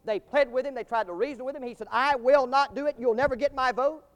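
Male preacher, very high voice, builds to loud climaxes, long church reverb. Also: fast. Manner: preaching with a swelling cadence, rising to loud climaxes. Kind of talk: sermon.

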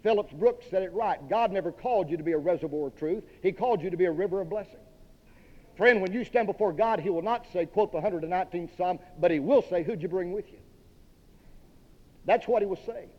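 Folksy preacher in an echoing hall. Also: male voice, high voice, a little fast. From Dallas, Texas. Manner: emphatic preaching, direct and folksy. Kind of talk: sermon. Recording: dull long-reverb hall recording.

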